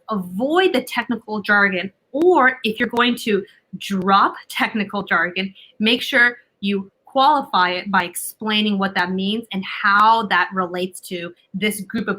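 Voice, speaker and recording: A woman's voice: medium pitch, bright, forceful tone, poor audio. A woman guest on an interview, confidently explaining communication advice and often checking in with "right?". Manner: confident, instructive, emphatic with tag questions. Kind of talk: advice-giving interview talk.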